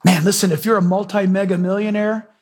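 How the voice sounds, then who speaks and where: A male preacher giving an emphatic sermon, asking his listeners direct questions and telling lively stories. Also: high voice, brisk, breathy edge. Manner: emphatic, questions the audience, animated storytelling.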